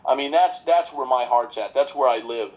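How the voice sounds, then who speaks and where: A man's voice: mid-range voice, moderate pace, a little mellow, highs cut off. A man in his fifties, a chiropractor, talking casually in a podcast interview with many restarts and fillers. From New York. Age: 50s. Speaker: chiropractor guest.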